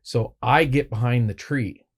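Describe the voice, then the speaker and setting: A man's voice: medium pitch, steady tone, measured pace. A man, a photographer, casually telling a rambling, swearing anecdote on a podcast. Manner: rambling, profane, laid-back anecdotes. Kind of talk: casual storytelling.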